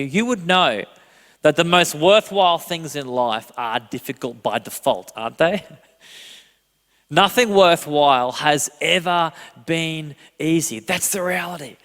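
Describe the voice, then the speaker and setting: A man in his thirties preaching a sermon as a pastor, telling a self-deprecating story with animated delivery and frequent laughter. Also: medium pitch. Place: church hall. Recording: long hall reverb.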